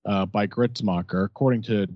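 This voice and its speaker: A man's voice: lowish voice, steady tone, moderate pace, no room sound. A man co-hosting a podcast, breaking down fights in a loose, joking, hedging way. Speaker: podcast co-host. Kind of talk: casual fight-analysis chat. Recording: dull, dry lo-fi sound.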